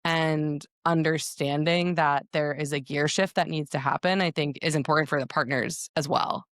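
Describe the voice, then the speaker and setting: A woman's voice: low-pitched, steady tone, normal speed, no echo, studio quality. A woman co-hosting a podcast, speaking thoughtfully and expressively and laughing easily. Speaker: podcast co-host. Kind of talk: casual podcast conversation.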